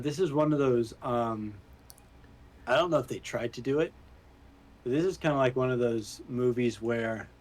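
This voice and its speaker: A man co-hosting a podcast, chatting casually and laughing as he retells movie scenes. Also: mid-range voice. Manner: animated, laughing, acts out scenes. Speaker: podcast co-host. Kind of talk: casual chat recapping a movie.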